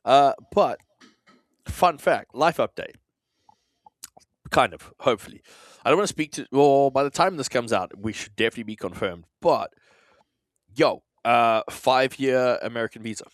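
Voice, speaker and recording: A man's voice: mid-range voice, normal speed, no room sound. A man from South Africa with an Australian accent and South African traces, co-hosting a podcast in casual, rambling, self-deprecating chat with some swearing. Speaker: podcast co-host.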